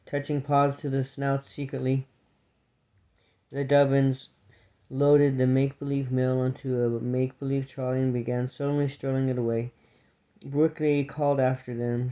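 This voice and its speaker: A man reading a children's story aloud, in a steady, unhurried narration. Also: medium pitch. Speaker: audiobook reader. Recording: dull lo-fi recording.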